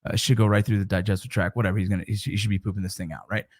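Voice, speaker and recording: A man's voice: on the low side, little pitch movement, rapid-fire, darkish tone. A middle-aged man and father talking casually to camera about mentoring, in a rambling, conversational way with frequent restarts.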